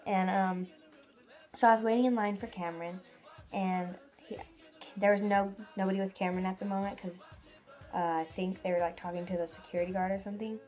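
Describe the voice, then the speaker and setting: A woman's voice: mid-range voice, fairly even intonation, a little fast, darkish tone, soft background music. A teenage girl telling a vlog story in a giddy, gushing way, full of "like" fillers. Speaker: vlogger.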